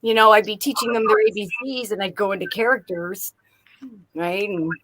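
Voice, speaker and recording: A woman's voice: medium pitch, steady tone, moderate pace, fairly bright tone, no room sound, poor audio. A woman chatting casually on a live stream, laughing often and slipping into playful voices. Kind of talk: casual chat.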